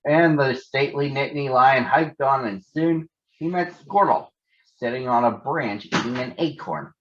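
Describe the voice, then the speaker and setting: A man reading a children's storybook aloud in a gentle storytelling manner, on a dull lo-fi recording. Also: mid-range voice, normal speed. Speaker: storybook reader. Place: outdoors on a hike.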